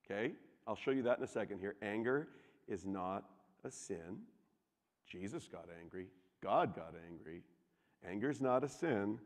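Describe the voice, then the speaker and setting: A man preaching a sermon, animated and jokey, asking the congregation questions. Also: fairly high pitch. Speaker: pastor. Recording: reverberant hall.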